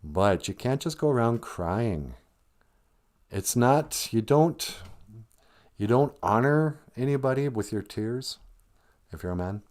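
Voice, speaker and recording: A man's voice: mid-range voice, expressive, slow, long pauses, a little mellow. A man hosting a livestream, giving humorous casual advice and laughing between lines. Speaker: livestream host and language teacher.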